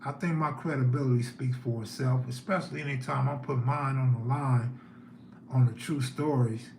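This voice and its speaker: A man's voice: medium pitch, steady tone, normal speed, gravelly, darkish tone, echoey room, slight background noise. A man hosting a live stream, telling neighborhood stories in a laid-back way and reading chat aloud.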